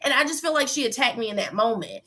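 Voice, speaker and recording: Bright, high-voiced woman telling a story emphatically. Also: lively intonation, fast. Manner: emphatic, repeats phrases, acts out quotes. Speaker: reality show contestant guest. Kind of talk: candid interview storytelling.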